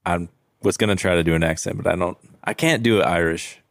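A man's voice: low-pitched, fairly quick, creaky, no echo, clean studio sound. A man co-hosting a podcast, talking in an easygoing way while tasting whiskey. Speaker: podcast co-host. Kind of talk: casual whiskey-tasting chat.

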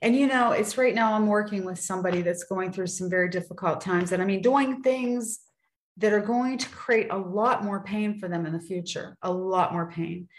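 A woman's voice: medium pitch, normal speed. A woman guest in casual conversation, telling personal stories earnestly and acting out the people she quotes. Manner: earnest storyteller, acts out quoted voices. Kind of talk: casual faith-tinged chat. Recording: roomy echo.

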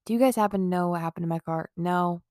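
A woman's voice: lowish voice, fast talker, darkish tone, dry recording, clean studio sound. A young woman vlogger telling a casual storytime, rambling with lots of "like" fillers, swearing and laughing between lines.

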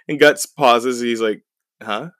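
A young man casually recaps a story on a podcast, rambling and full of fillers. His voice sits fairly low, and the recording is dry and close. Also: a bit bright, no room sound. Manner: rambling, filler-heavy, chuckling. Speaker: podcast co-host.

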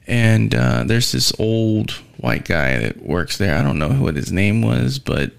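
A delivery driver launches into a casual, rambling storytime rant, sounding weary and fed up and swearing heavily throughout. His voice is lowish and creaky.

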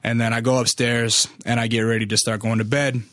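A man's voice: mid-range voice, flat delivery, fairly quick, fairly bright tone, dry recording, clean studio sound. A young man casually telling a long story, rambling and cursing freely, with lots of filler words. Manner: rambling, profane, filler-heavy.

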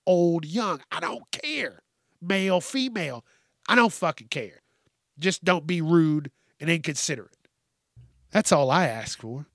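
A man's voice: fairly high pitch, sharp tone, no echo, clean studio sound. A man hosting a podcast, ranting bluntly and swearing often in a casual monologue. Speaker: podcast host.

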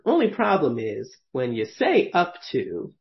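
Rambling, laughing podcast host with gravelly voice. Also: male voice, medium pitch, animated, normal speed, dull audio. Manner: rambling, laughing often, many fillers and restarts. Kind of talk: casual conversational storytelling.

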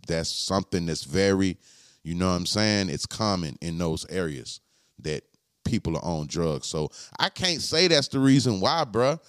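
A man hosting a podcast, talking to his live chat in a slangy, profane way and repeating his points slowly. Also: fairly low pitch, fairly bright tone, dry recording, clean studio sound. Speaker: podcast host. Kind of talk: casual live-stream chat.

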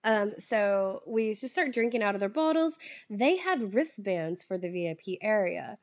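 A woman's voice: mid-range voice, lively intonation, moderate pace. A young woman with a Southern US drawl chatting casually to camera, profane and ranting, laughing often. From Southern United States. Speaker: vlogger. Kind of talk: casual chat.

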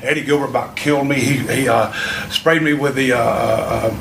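A man with a drawl gives a young wrestler a pep talk, emphatic and circling back on himself. He sits some way off the mic in an echoey room with a lot of noise around him. His pitch sits in the middle. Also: fairly even intonation, normal speed, vocal fry. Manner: rambling, emphatic, repeats himself. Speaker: veteran wrestler coaching a young wrestler. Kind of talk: motivational pep talk from a promo video. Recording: echoey, distant, noisy room.

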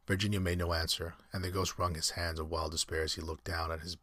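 A man reading a storybook aloud at an unhurried pace, now and then stumbling and correcting himself. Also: deep voice, flat delivery, pushed and bright, no echo. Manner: unhurried, with slips and self-corrections. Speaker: reader.

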